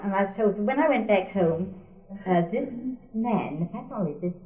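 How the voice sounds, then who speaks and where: An older woman recounting a personal memory for an oral history, wry and often laughing as she quotes others. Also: mid-range voice. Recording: tinny, echoey archival tape.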